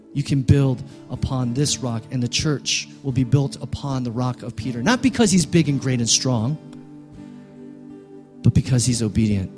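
A male pastor preaching a sermon, building to loud, emphatic peaks and dropping quiet again. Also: mid-range voice.

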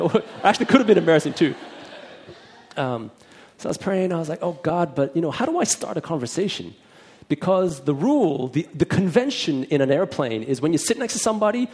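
A man's voice: a little high, a little mellow. A man who is a minister, telling a personal testimony in a chatty storytelling way and acting out both sides of the conversation.

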